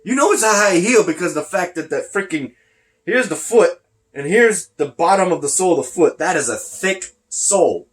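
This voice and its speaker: A high-pitched podcast host with lively intonation recaps wrestling in a casual chat at a moderate pace. Wearing a face mask, he meanders, loses his thread, and is slightly out of breath.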